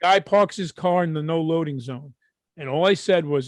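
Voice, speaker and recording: A middle-aged man with a Brooklyn accent, co-hosting a podcast and telling stories in a casual, profane, animated way. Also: fairly high pitch, moderate pace, dry recording. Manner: animated, profane, acts out quotes. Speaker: podcast co-host. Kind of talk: casual storytelling.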